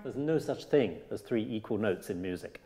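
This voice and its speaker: Animated man coaching in a concert hall. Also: on the low side, normal speed. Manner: lively, animated, fussy about detail. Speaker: cello master class teacher. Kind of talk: coaching a student in a master class. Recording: reverberant hall with music.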